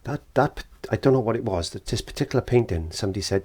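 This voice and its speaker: A man teaching a painting lesson, gentle and encouraging, sometimes dropping into whispered asides, indoors in a studio. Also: medium pitch, lively intonation, quick pace, hardly any pauses, slightly rough. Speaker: art teacher. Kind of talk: painting tutorial.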